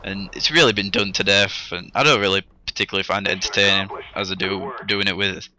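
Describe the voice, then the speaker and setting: A man's voice: sits low, steady tone, fast, sharp tone. A young man chatting casually to viewers and rambling through a funny story with self-deprecating humour. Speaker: gaming YouTuber. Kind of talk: casual vlog storytelling over game footage.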